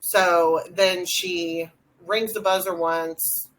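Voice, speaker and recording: A young adult woman, co-hosting a podcast and retelling a ghost hunt in a rambling, animated way with lots of fillers. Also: lowish voice, extremely slow, low-quality recording. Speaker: podcast co-host. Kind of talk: casual storytelling chat.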